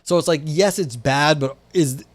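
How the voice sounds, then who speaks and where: A man's voice: on the high side, normal speed, no echo. Wry, swearing male streamer. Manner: profane, wry, full of "like" and restarts. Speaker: streamer reading philosophy with chat. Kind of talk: casual live-stream commentary. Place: indoors at a desk by a window.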